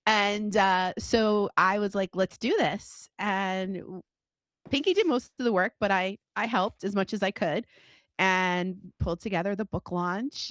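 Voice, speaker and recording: A woman's voice: on the low side, no echo, muffled recording. A woman hosting a casual podcast, upbeat and talking her listeners through what is happening in the studio. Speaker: podcast host.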